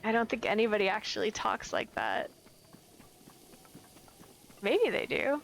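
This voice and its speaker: A woman's voice: medium pitch, huge pitch swings, measured pace, creaky, a little hiss or hum, rough recording. A woman in her twenties from the United States, chatting casually and playfully while streaming a game. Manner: rambling, playful, self-commenting. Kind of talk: casual gameplay chat.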